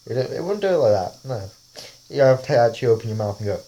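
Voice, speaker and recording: A man's voice: medium pitch, big pitch swings, quick pace, dark tone, lo-fi sound. A man casually talking over a face-swap app, rambling and often laughing. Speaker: vlogger.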